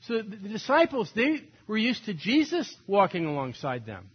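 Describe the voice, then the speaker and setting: Animated older male pastor preaching. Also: high voice, normal speed, breathy edge, lo-fi sound. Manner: animated storytelling, acts out quoted voices. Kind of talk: sermon.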